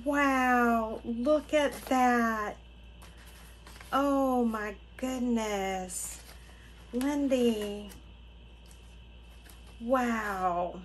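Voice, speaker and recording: Woman host, excitable and gushing, fairly high voice, drawn-out delivery, casual unboxing chatter. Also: a little hiss or hum, poor audio. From Florida, USA. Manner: gushing, excitable, gasping, repeats "oh my gosh". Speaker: craft channel host.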